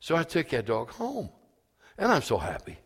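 A male pastor with a bright, ringing voice and a lively, swooping delivery. He tells his sermon in a folksy storytelling way and builds to fervent preaching. His voice rolls through a reverberant church hall. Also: medium pitch, moderate pace, breathy edge.

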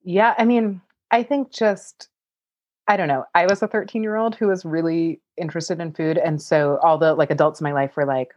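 A woman's voice: fairly low pitch, fairly even intonation, normal speed, a little mellow, dull audio. A woman cookbook author answering audience questions in casual chat, laughing often and saying "like" a lot. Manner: chatty, laughs often, many "like" fillers.

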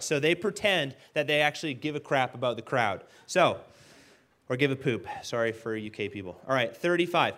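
A man preaching a casual sermon, retelling the story in an animated way and acting out the characters as he goes. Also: medium pitch, normal speed. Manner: leads the audience to stand and call out.

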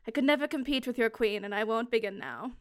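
A woman's voice: fairly high pitch, quick pace, natural voice. A woman voicing an affectionate, emotional female vampire noblewoman in a tabletop role-playing game, speaking tenderly. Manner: tender, wistful.

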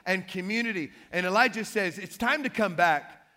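A man preaching a sermon, telling a Bible story with lively, joking asides. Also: high-pitched, moderate pace, big-room sound. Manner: lively storytelling with playful trash-talk asides. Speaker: pastor.

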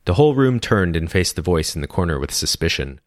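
Deep-voiced man narrating a story. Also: big pitch swings, a little fast, no room sound, studio quality.

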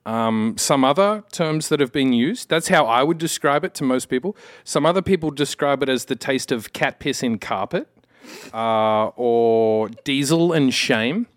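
A man's voice: medium pitch, expressive, unhurried, no echo, studio quality. A man with an Australian accent, a podcast guest, chatting casually and telling rambling, self-mocking stories. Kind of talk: casual chat.

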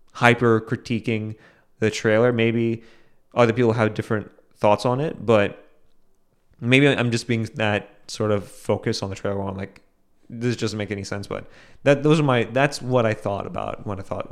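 A young man with a low, smooth voice talks through a solo podcast episode. He rambles in a casual way and often stops to restart his sentences. The tone stays loose and conversational. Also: steady tone, moderate pace. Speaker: podcast host.

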